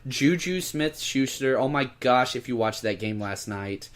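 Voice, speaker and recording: Animated and measured in pace, this man co-hosts a podcast in a medium-pitched voice. Talking through fantasy football picks in a relaxed way, he stresses his points and pushes listeners to grab players.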